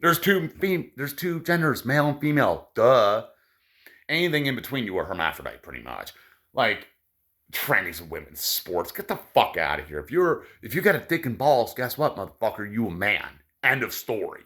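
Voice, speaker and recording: A man's voice: mid-range voice, big pitch swings, moderate pace, fairly bright tone. A man delivering a profane, sarcastic ranting monologue to his viewers. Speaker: vlogger.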